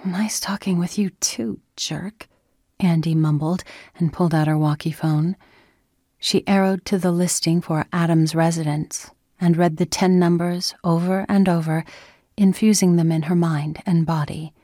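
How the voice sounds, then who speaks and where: A woman narrating an audiobook in a steady, even tone. Her voice sits on the low side, recorded close and completely dry. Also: normal speed, no echo. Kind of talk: scripted narration.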